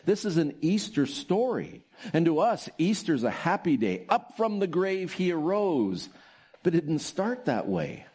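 A man preaching a sermon as pastor, telling stories with soft laughs and drawn-out emphasis. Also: medium pitch.

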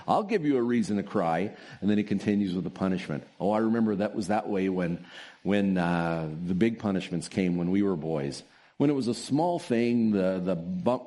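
A man preaching a sermon as pastor, telling stories with soft laughs and drawn-out emphasis. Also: sits low.

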